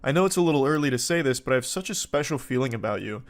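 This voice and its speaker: A man's voice: mid-range voice, animated, very fast, natural voice. A man reading out a gushing, overeager young woman's texts in a sugary, overly sincere tone.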